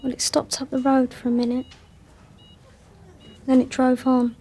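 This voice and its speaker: An actress playing a shaken young woman witness who answers quietly and hesitantly. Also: sits high, monotone, measured pace, breathy edge.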